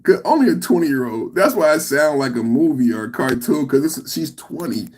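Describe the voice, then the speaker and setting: Animated husky-voiced man ranting. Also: a little high, moderate pace. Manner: animated, laughing, incredulous. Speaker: podcast host. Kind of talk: casual commentary.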